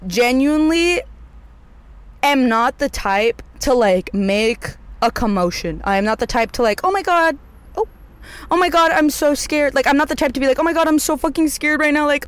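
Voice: mid-range voice, smooth. A young adult casually telling a story, rambling with lots of filler words and swearing.

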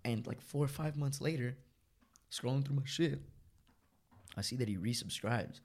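A young man casually telling a long, profane story, rambling and animated. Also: mid-range voice, moderate pace.

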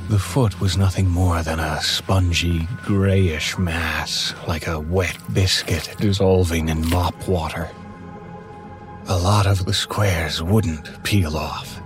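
A man narrating a horror story in a measured, somber way from a script. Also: low-pitched, steady tone, faint music behind.

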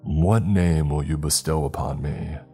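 A man voicing an ancient nameless being in a wall, with a deep, raspy voice and a slow, formal, curious manner. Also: dark tone, soft background music. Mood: eerie, calm.

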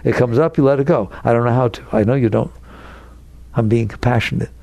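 A man's voice: mid-range voice, fairly quick, vocal fry, warm tone, no room sound. An older man giving a spiritual talk to an audience, speaking conversationally and asking many rhetorical questions. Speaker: spiritual teacher.

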